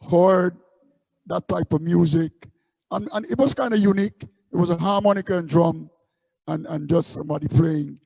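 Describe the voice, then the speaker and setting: A man's voice: high voice, gravelly, warm tone, no room sound, muffled recording. A man from Guyana, a street musician recalling his busking days in a loose, rambling way. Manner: rambling anecdotes with many restarts. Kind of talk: casual storytelling interview.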